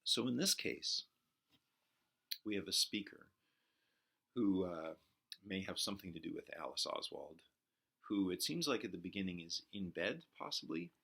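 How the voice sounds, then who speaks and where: A man gives a reflective lecture on poetry to his class. His voice sits deep yet carries a bright, forceful edge. He pauses often and fills gaps with soft hesitations as he thinks aloud. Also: animated, creaky, slightly rough. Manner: reflective, halting with frequent fillers. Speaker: literature teacher.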